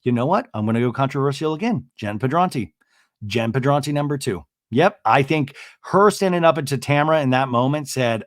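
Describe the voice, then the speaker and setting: A man's voice: mid-range voice, moderate pace, dry recording, studio quality. A man hosting a podcast, recapping a TV episode in a casual, chatty, comedic way with lots of asides. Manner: animated, chatty, full of "like" and asides. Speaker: podcast host.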